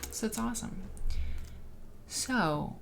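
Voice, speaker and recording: A woman hosting a casual livestream, rambling and excitable as she chats and reads out viewer comments. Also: a little high, takes it slowly, vocal fry, slight background noise. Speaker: livestream host.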